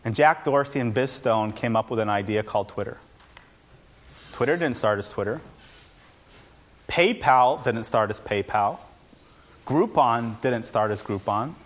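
A man giving an informal, energetic talk to a live audience as an entrepreneur, with punchy lines and self-deprecating asides. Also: medium pitch, a little slow, long pauses.

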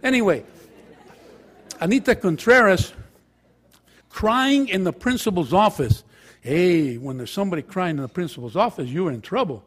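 A man's voice: sits high, lively intonation, moderate pace, long pauses, slightly rough, some chatter behind. An older man, a former teacher telling a joking anecdote to an audience. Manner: anecdotal, joking, switches into Spanish. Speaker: former high school teacher and counselor. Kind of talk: storytelling talk to an audience.

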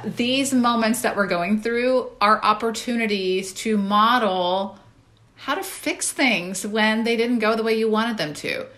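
A woman's voice: mid-range voice, a bit bright. Conversational woman hosting a parenting talk. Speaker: parenting webinar host. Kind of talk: casual advice talk.

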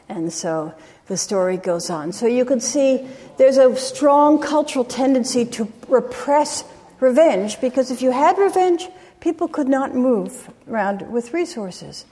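A woman's voice: on the high side, unhurried. Woman lecturing in a reverberant hall. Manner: retells field stories, quoting people with lively inflection. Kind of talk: academic lecture with storytelling.

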